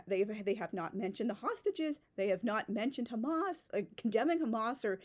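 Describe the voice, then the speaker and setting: A woman's voice: fairly high pitch, expressive, normal speed. A woman blogger giving casual spoken commentary, rambling and sarcastic, with many "like" fillers. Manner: rambling and sarcastic, heavy use of "like". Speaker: blogger reflecting on a writing community.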